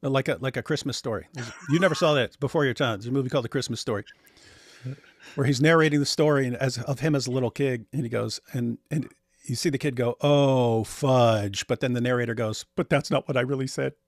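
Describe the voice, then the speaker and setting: A man's voice: mid-range voice, fast, dry recording, studio quality. A man giving casual reaction commentary on clips, sarcastic and given to mimicking others.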